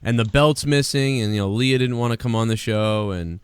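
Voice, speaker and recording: A man's voice: mid-range voice, brisk, smooth, dry recording. Man, casual podcast host, clean resonant voice, no room sound, swears freely. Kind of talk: casual chat.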